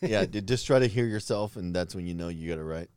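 A man's voice: deep voice, quick pace, darkish tone, clean tone, no room sound, studio quality. A man co-hosting a casual podcast, laid-back and wry in his banter. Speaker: podcast co-host.

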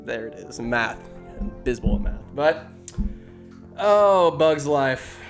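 A young man in casual, rambling commentary, ranking animated films with profane, self-deprecating jokes. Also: fairly high pitch, slow pace, vocal fry, soft background music. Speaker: solo movie-ranking streamer.

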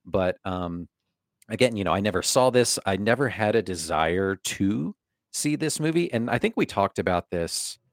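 A man's voice: fairly low pitch, expressive, moderate pace, dry recording, studio quality. A man co-hosting a film podcast, talking loosely and chattily and swearing casually. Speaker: podcast co-host. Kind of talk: casual film-review chat.

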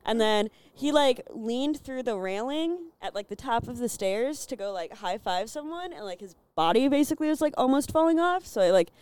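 A woman's voice: fairly high pitch, lively intonation, normal speed, few pauses, darkish tone, clean tone, dry recording. A Midwestern woman from Illinois in her twenties, chatting casually as a podcast guest and telling stories, packed with "like" and casual swearing. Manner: chatty storyteller, fills talk with "like", swears freely. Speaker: podcast guest, bar door worker. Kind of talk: casual chat.

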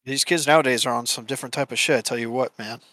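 A young man with a bright, forceful voice, joking around crudely with friends on a podcast. He talks in easy, casual banter and sounds close and dry, with no room around him. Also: medium pitch, fairly even intonation, fast talker, dry recording. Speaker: podcast co-host.

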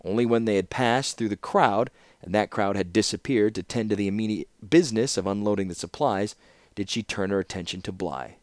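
A man narrating a fantasy novel in measured audiobook style. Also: fairly low pitch, darkish tone, dry recording, studio quality. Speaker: fan audiobook reader.

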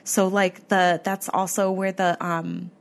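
A woman's voice: lowish voice, flat delivery, takes it slowly, creaky. Chatty woman podcast host telling stories. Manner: chatty, many fillers like "like" and "um". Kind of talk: casual storytelling chat.

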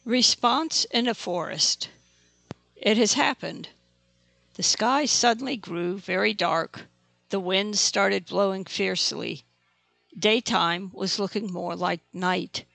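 Gravelly, dry audiobook narrator. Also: medium pitch, slow pace, bright, forceful tone, no room sound. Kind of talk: scripted narration.

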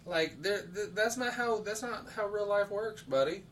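A man's voice: sits high, expressive, moderate pace, fairly bright tone. A man co-hosting a podcast, chatting casually and telling stories in a rambling, swearing way. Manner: rambling storyteller, heavy swearing and fillers. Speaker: podcast co-host. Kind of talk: casual chat. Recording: distant mic, faint background hiss.

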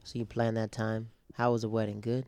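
A woman hosting a casual interview and asking chatty, relaxed questions. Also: extremely low pitch, a little fast, no room sound.

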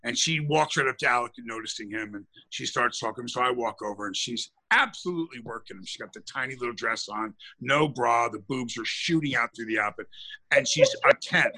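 A man's voice: mid-range voice, a little fast, low-quality recording. A man co-hosting a podcast, telling a long anecdote in casual chat, acting out the quotes and restarting his sentences often. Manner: animated storyteller, acts out quotes, restarts often. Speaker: podcast co-host.

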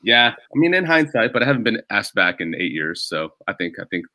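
A man's voice: on the low side, very animated, a little fast, sharp tone, slight background noise. A man, a stand-up comedian, telling stories in a casual podcast chat and laughing as he talks.

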